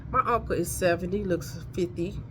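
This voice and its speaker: Speaking at a moderate pace in a lowish voice, a woman in her fifties shares candid, homespun life advice on her casual motivational vlog. She's a life coach addressing viewers directly, and there's a little hiss or hum in the recording.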